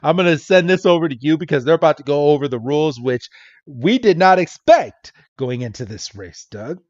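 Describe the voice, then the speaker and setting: A man's voice: fairly high pitch, a little fast, no echo, lo-fi sound. A man co-hosting a podcast, chatting casually and laughing often as he recaps a cartoon episode. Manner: laughs often, animated, says "bro". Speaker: podcast co-host.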